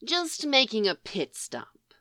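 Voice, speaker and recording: Woman reader playing a dry, teasing male thief; slow, mild drawl. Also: on the high side, huge pitch swings, sharp tone, dry recording, voice pushed up, heavily acted. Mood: sly. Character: dry sly man, mild mocking thief.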